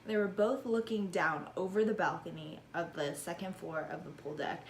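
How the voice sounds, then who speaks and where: A woman's voice: lowish voice, normal speed, a little hiss or hum. A young woman vlogger telling a casual storytime, chatty, swearing often and laughing between lines. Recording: echoey room.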